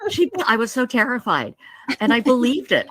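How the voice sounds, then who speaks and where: A woman's voice: a little high, sing-song, moderate pace, a bit bright. A woman hosting a live stream, chatting expressively and laughing often. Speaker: livestream host. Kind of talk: casual live-stream chat.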